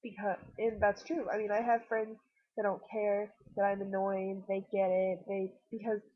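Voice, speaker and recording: A woman's voice: medium pitch, little pitch movement, moderate pace, narrow, tinny audio. A woman who is sick, talking in a rambling, self-deprecating, earnest way straight to the viewer through her computer's webcam. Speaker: vlogger.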